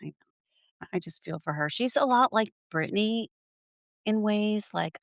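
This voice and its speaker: A woman co-hosts a podcast in casual chat, her mid-range voice animated and moving at a moderate pace. She's chatty, laughs often, and acts out what others said. The sound is clean studio audio with no echo.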